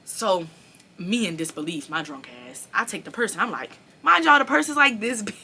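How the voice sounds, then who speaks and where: A young woman telling a storytime to her viewers in a casual, animated, profane way. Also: mid-range voice, moderate pace, a little hiss or hum. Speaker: vlogger.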